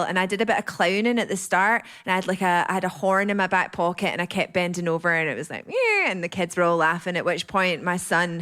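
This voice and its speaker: A woman comedian on a panel show, telling a lively story about her young son. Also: on the low side, smooth. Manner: lively storytelling with acted-out quotes.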